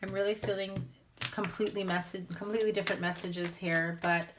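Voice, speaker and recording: A woman's voice: medium pitch, steady tone, fairly quick, noisy background. A woman giving a casual spoken tarot reading to her viewers, blunt and candid, speaking straight out. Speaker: tarot reader.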